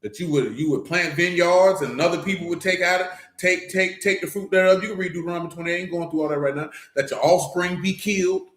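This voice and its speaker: Streetwise guy preaching blunt and casual, kinda high voice, roomy echo. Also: quick pace, few pauses, a bit bright. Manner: blunt, streetwise, repeats "you know what I'm saying". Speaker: teacher of a scripture study assembly. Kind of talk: loose conversational bible teaching.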